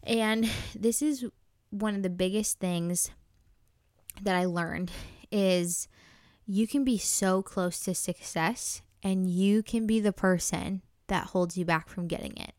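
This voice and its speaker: A woman's voice: mid-range voice, takes it slowly, a little mellow, no echo, studio quality. A young woman from North Dakota hosting a podcast, telling a personal story in a chatty, earnest and emotional way. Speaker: podcast host. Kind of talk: casual storytelling.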